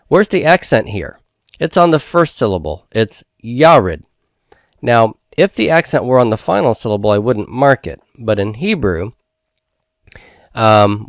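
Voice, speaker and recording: A man with a very low voice who works through homework slowly and methodically, one step after another. The sound is dry and close, with no room echo at all. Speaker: teacher. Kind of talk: homework review lesson.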